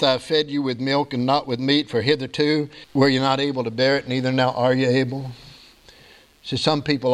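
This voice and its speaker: A male pastor preaching a sermon, with folksy asides and scripture quotes, his voice swinging up and down with emphasis. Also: a little high.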